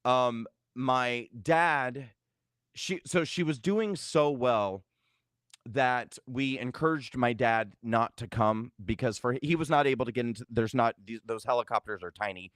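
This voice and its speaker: A man's voice: mid-range voice, unhurried, a bit bright, no room sound, studio quality. A middle-aged man recounting a family event in a vlog, hesitant, with many fillers and restarts. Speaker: vlogger. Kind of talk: personal storytelling to camera.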